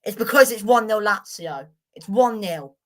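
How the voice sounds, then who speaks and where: A woman's voice: mid-range voice, lively intonation, normal speed, a bit bright. A young woman hosting a live football watchalong, chatting to viewers in a frustrated, sweary way. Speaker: watchalong host.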